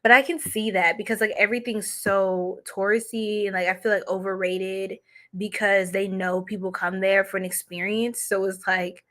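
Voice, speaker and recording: A woman's voice: mid-range voice, animated, moderate pace, a bit bright. A playful, giggly woman from New York, chatting casually as host of a psychic reading livestream. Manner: playful and giggly, laughs often.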